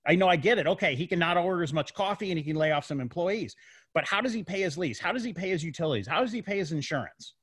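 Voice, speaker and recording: A man's voice: sits high, lively intonation, quick pace, fairly bright tone, breathy edge, no echo. A man in a casual discussion who talks emphatically, repeats his words and piles up rhetorical questions.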